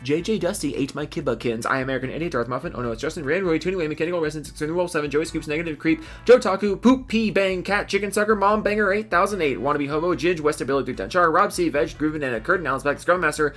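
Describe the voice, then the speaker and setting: A young man reading viewer names aloud on a livestream, rapid and goofy, jumping into silly voices. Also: fairly high pitch, fairly bright tone, soft background music. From Seattle. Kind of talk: fast comedic livestream read-out.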